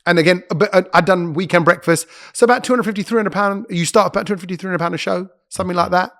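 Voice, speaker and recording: A man, a radio presenter, chatting as a podcast guest and telling stories quickly, often breaking off to correct himself. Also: high-pitched, a bit bright. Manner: quick, chatty storyteller who interrupts himself. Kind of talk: casual interview chat.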